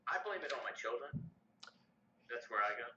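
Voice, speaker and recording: A man's voice: medium pitch, animated, fairly quick, bright, forceful tone, reverberant, dull audio. A man co-hosting a casual live stream, trading dry, teasing banter with his co-host.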